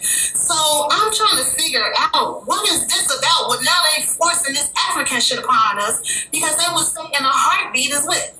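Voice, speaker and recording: A woman from Chicago in a heated casual discussion, talking emphatically and indignantly, sometimes shouting. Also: high voice, lively intonation, normal speed, distant mic, slight background noise. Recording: roomy and off-mic.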